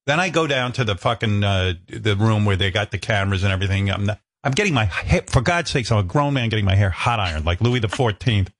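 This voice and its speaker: A man's voice: animated, a bit bright. Profane, exasperated male radio host. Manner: profane, exasperated, self-mocking; acts out quoted people with quick pitch jumps. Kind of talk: casual storytelling chat.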